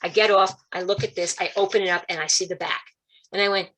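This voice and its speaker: Woman guest on a video call, bright and animated storyteller, acts out quotes. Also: quick pace. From Italian-American, Calabrese roots. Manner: animated storytelling, quotes voices with big pitch jumps. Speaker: guest speaker. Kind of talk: spiritual talk on a video call.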